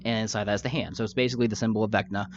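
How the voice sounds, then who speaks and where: A man's voice: fairly low pitch, fairly even intonation, rapid-fire. A man narrating a tabletop game backstory as game master in a loose, casual storytelling manner. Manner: casual storytelling with fillers, laughs at own jokes. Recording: dull lo-fi audio with faint music.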